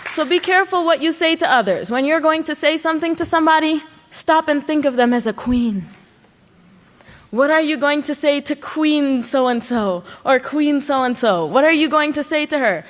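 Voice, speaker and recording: A woman's voice: high-pitched, animated, moderate pace. A woman giving an earnest sermon at a religious service, pressing her points with rhetorical questions. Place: large worship hall. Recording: long hall reverb.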